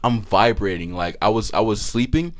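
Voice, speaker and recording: Lively-voiced young man telling a story. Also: fairly low pitch, normal speed. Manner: animated, swearing, laughing through his story. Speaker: podcast co-host. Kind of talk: casual storytelling.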